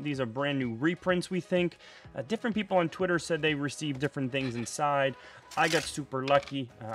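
A young man chatting casually while opening trading card packs, excitable and prone to loud outbursts. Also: medium pitch. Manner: excitable, bursts into shouting and laughter over pulls. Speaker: card unboxing host.

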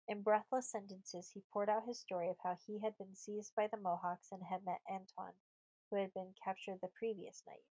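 Lady reading a storybook aloud, steady pace, mid pitch, dry no-echo sound. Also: moderate pace. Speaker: audiobook narrator. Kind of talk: scripted narration.

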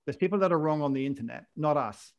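Gravelly, chatty male podcast host. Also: fairly high pitch, lively intonation, fast, highs cut off. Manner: chatty, jokey, rambling with restarts. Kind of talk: casual chat.

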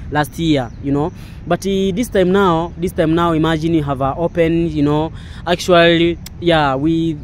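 A man, vlogging a walking tour outdoors in broken English, full of excited repeated exclamations. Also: on the high side, slight background noise. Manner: non-native English, broken grammar. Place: outdoors in a park.

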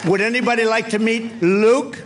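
A man's voice: very high voice, steady tone, moderate pace, a crowd in the background, background noise. An older man giving an off-the-cuff campaign rally speech, rambling and repetitive, with punchy phrases. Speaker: political speaker at a rally.

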